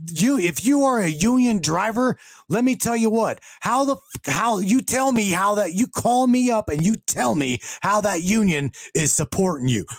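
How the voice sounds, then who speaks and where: Excitable swearing man, high and lively. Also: moderate pace, dry recording. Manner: excitable, swears a lot, stumbles and restarts. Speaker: beer hauler, union truck driver. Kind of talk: casual chat.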